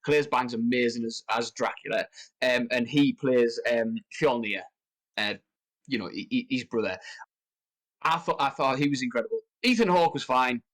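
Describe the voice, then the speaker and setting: A man co-hosting a film podcast, talking in a rambling, animated way that jumps up in pitch when he rants. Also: normal speed, low-quality recording. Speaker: podcast co-host. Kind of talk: casual film discussion.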